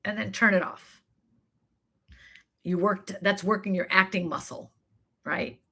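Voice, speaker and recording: Bright and forceful, this mid-range female voice keeps a fairly even intonation as an acting coach and talent manager fields chat questions in a live online session. She's encouraging and emphatic, piling up rapid lists.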